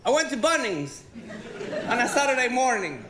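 A man from Venezuela with a Venezuelan Spanish accent, Spanish-speaking by birth, doing animated, profane stand-up comedy on stage. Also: extremely high pitch, moderate pace, crowd noise. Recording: roomy theatre with audience laughter.

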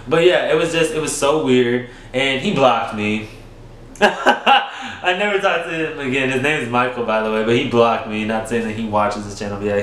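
A young man telling a storytime vlog story in a casual, animated way, swinging up high for emphasis and talking straight to his viewers. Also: a little hiss or hum. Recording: echoey room.

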